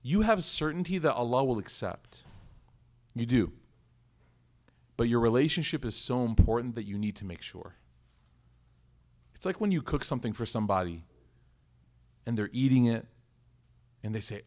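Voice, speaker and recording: A man's voice: medium pitch, normal speed, long pauses. A man in his thirties giving a conversational sermon as an Islamic teacher, asking the audience questions and acting out little dialogues in other voices.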